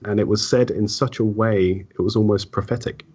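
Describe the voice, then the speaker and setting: Soft-spoken, husky man. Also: lowish voice, steady tone, lo-fi sound. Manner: halting, heartfelt, repeats words when emotional. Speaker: podcast guest. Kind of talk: reflective personal interview talk.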